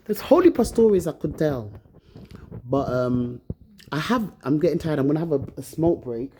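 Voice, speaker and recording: A woman's voice: low-pitched, animated, normal speed, mellow, a little hiss or hum. A woman vlogger ranting to her phone camera, bitter and accusing, swearing often. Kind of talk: angry personal rant to camera.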